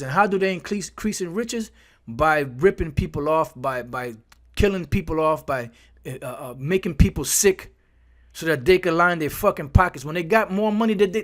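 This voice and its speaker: A man's voice: a little high, moderate pace. A man preaching angrily from scripture, swearing hard and stumbling over repeated words as he drives each point home. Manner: fiery, profane, repeats words while building a point. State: angry. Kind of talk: angry scripture commentary.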